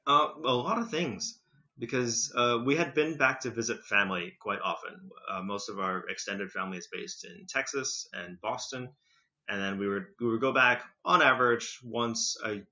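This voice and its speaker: Bright man with a slight British tinge. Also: on the low side. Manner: rambling, filler-heavy, quick to laugh. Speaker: podcast guest. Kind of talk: casual conversational storytelling. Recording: slightly muffled lo-fi recording.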